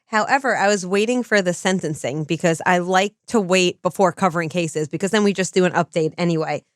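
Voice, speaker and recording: A woman's voice: on the low side, a little fast, dry recording, clean studio sound. A woman co-hosting a podcast, speaking in an organized, explanatory way. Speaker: podcast co-host and lecturer. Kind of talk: casual podcast chat.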